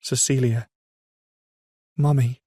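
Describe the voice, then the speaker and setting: A man's voice: mid-range voice, fairly even intonation, slow pace, warm tone, slightly rough, dry recording, studio quality, pitched above the performer's own voice. A man voicing a frightened young boy who pleads tearfully with his mother, in an audiobook reading. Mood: pleading.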